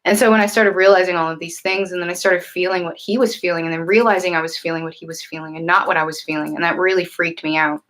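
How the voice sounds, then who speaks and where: Woman, livestream host, low-pitched, earnest, rambling, lots of fillers. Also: steady tone, fast talker, few pauses, fairly bright tone. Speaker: livestream host and tarot reader. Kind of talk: casual livestream chat answering viewers.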